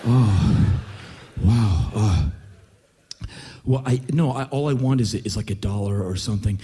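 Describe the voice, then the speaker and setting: Man plays a timid young street kid, low, halting and unsure; spoken-word bit. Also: dark tone, breathy edge. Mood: nervous. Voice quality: hesitant, stammering. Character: meek, stammering young homeless man.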